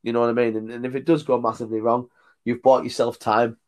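A man's voice: medium pitch, little pitch movement, fast. A man, a tour leader and podcast guest, telling blunt stories and laughing between his points. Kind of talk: casual podcast storytelling.

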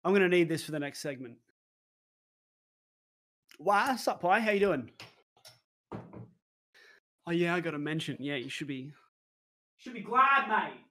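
A man's voice: a little high, expressive, a little slow, long pauses, pushed and bright. A man, casually chatting to his livestream audience, swearing now and then. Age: 20s. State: out of breath. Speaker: streamer.

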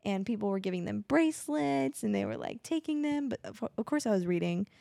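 Gravelly, chatty young mom. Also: female voice, medium pitch, expressive, brisk, dark tone, no echo, studio quality. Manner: rambling, filler-heavy, laughs often. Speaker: podcast co-host; mother. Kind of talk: casual chat. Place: home, children nearby.

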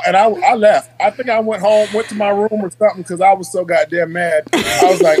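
A middle-aged man with a high voice spins an Army tale in relaxed chat. He swears freely and talks with animated energy. He breaks into laughter as he tells it. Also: brisk, few pauses, rough recording. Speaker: guest, Army veteran. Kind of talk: casual storytelling.

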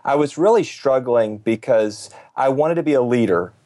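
A man's voice: mid-range voice, animated, moderate pace, dark tone. A man, an executive pastor, telling his story candidly and earnestly in an interview. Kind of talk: interview conversation. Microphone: video call.

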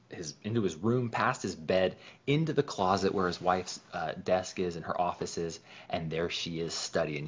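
A man telling an anecdote in a lively way, acting out the people he quotes. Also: sits low, husky. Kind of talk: storytelling anecdote. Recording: dull lo-fi recording.

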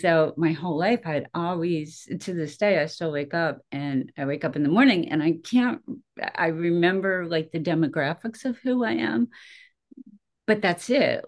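This middle-aged podcast host speaks in a notably low voice at a measured pace, keeping things casual. Her self-focused stories are energetic, and she often jokes about herself.

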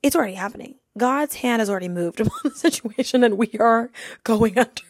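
A woman's voice: fairly high pitch, fast talker, no echo, studio quality. A young woman hosting a podcast, telling a funny story casually and laughing through it. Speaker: podcast host.

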